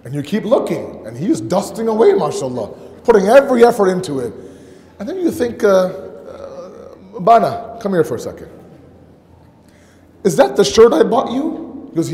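High-voiced man preaching in a reverberant hall. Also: moderate pace. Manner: animated storyteller, acts out dialogue, asks rhetorical questions. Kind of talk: sermon with storytelling. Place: mosque.

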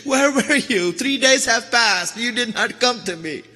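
A man's voice: very high voice, lively intonation, unhurried, sharp tone, soft background music, exaggerated voice. A male preacher voicing a grieving, pleading old leper within a told story. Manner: pleading, repetitive. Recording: echoey hall.

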